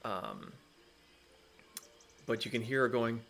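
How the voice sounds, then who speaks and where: A man's voice: lowish voice, measured pace, creaky, fairly bright tone, a little hiss or hum. A man acting as dungeon master, narrating a tabletop game with frequent ums and restarts.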